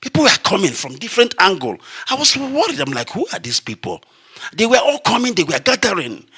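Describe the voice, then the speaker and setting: Speaking with a Nigerian Igbo accent, a radio broadcaster gives an emphatic, impassioned monologue, repeating his points in a declamatory way. He talks fast and very animatedly in a high, husky voice with a fairly bright tone.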